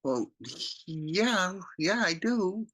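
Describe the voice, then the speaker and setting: A man's voice: high voice, animated, drawn-out words, a bit bright, breathy edge, pitched above the performer's own voice, full character voice. A man doing an earnest, pleading disciple. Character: earnest impulsive male disciple fisherman.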